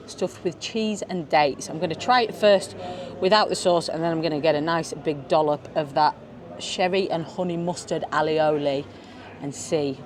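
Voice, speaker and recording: A woman vlogging at a beachfront restaurant, chatting casually as she tastes tapas and hums her approval at each bite. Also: low-pitched. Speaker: food vlogger. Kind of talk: casual food-tasting commentary. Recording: busy restaurant crowd behind.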